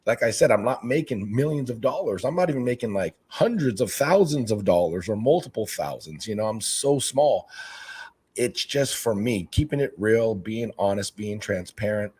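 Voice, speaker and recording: A middle-aged man, a fish-keeping video maker and basketball coach, chatting as a guest in an interview, energetic and talkative, acting out what people say to him. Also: lowish voice, normal speed, slightly rough. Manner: energetic, talkative, acts out quoted exchanges. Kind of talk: casual interview chat.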